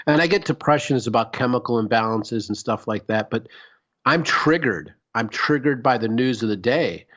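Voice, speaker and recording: A man's voice: mid-range voice, moderate pace, a bit bright, dull audio. A man co-hosting a podcast in casual chat, talking emphatically and swearing freely as he rambles from thought to thought. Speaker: podcast co-host.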